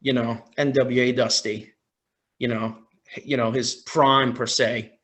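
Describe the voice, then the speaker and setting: A man on a podcast as a guest, telling a story in a casual, excited way, often quoting his own reactions. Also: medium pitch, a little slow. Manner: excited, retelling with quoted reactions.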